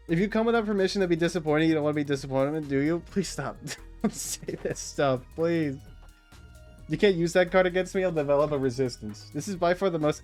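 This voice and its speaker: Excitable young man rambling on stream. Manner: excitable rambling, shouts up in pitch when riled, laughs often. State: out of breath. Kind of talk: casual stream chat.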